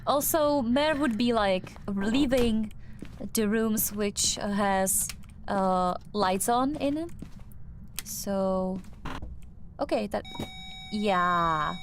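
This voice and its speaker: Soft-spoken woman with a non-native English accent. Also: medium pitch, extremely slow, long pauses, a little hiss or hum. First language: not English. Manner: hesitant, many fillers and restarts. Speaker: streamer. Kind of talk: casual gameplay commentary.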